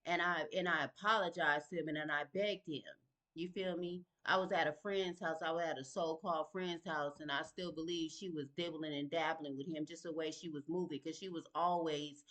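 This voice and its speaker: A middle-aged woman telling a personal story in a lively, slangy way, often checking in with the listener. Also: low-pitched, fairly quick. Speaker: vlogger sharing her story.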